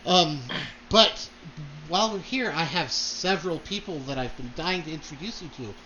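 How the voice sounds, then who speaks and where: A man's voice: fairly high pitch, moderate pace, pushed and bright, muffled recording, a little hiss or hum. Man playing a haughty noble mother. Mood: gracious. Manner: gossipy, gracious, complaining about her daughter.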